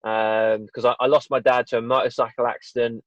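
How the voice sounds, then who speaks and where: A young man who owns a fitness business is a guest on a casual podcast interview, telling stories candidly and rambling with frequent restarts. His medium-pitched voice is flat and brisk, and the audio is dull, dry, muffled lo-fi with no room sound.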